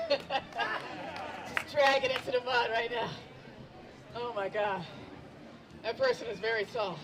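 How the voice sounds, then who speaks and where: A woman's voice: on the high side, animated, slow pace, pauses often, noisy background. Self-mocking middle-aged woman comic, crowd around. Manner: self-deprecating, bantering with the crowd. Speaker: stand-up comedian. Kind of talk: outdoor stand-up set. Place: outdoor event. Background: crowd of onlookers.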